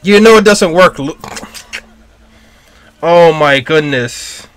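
A man reacting live to an anime, exclaiming and shouting at the screen. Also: a little high, takes it slowly, clean tone, dry recording.

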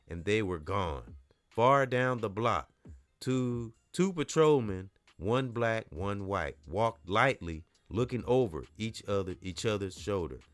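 A man's voice: on the low side, fairly bright tone, no echo, clean studio sound. A man reading a novel aloud, stopping often to explain the story in a casual way and repeating himself as he corrects his reading. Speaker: book reader.

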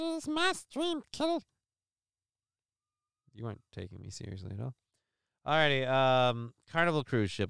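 A man's voice: mid-range voice, creaky, a bit bright, smooth, no echo, clean studio sound. A man hosting a live stream show, talking casually and rambling through news stories in a crude, sarcastic way with lots of swearing.

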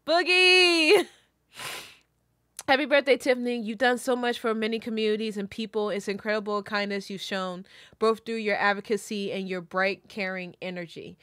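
A woman's voice: mid-range voice, a bit bright, no room sound, studio quality. A woman streamer reading birthday messages aloud, emotional and tearful, laughing between lines. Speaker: VTuber streamer.

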